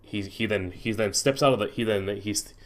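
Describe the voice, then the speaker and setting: A man's voice: fairly low pitch, moderate pace, a little hiss or hum. A man narrating as game master of a tabletop game, hesitant and full of restarts.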